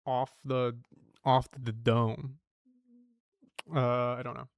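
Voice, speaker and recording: A man's voice: mid-range voice, little pitch movement, takes it slowly, clear, resonant tone, no room sound. A young man streaming himself solving word puzzles, thinking aloud, swearing and muttering clues to himself.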